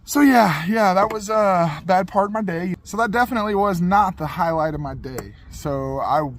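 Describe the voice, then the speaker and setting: A man's voice: mid-range voice, slight background noise. A young man casually telling a funny personal story in a rambling, repetitive, laid-back way.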